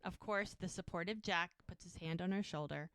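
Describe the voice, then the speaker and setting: A woman's voice: fairly low pitch, moderate pace, clear, resonant tone, no echo, clean studio sound. Chatty woman recapping a show. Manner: animated retelling, full of "she's like" quotes. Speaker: podcast co-host. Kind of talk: casual episode recap chat.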